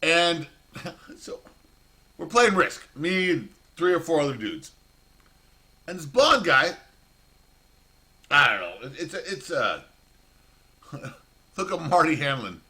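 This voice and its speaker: Profane, animated man telling a prison story. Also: a little high, slow, pauses often. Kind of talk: casual storytelling monologue.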